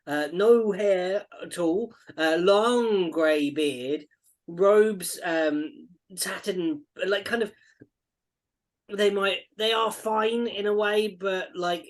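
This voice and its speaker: A woman running a tabletop game, narrating in a halting way with many pauses. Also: on the low side. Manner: halting, full of ums and laughs. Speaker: game master.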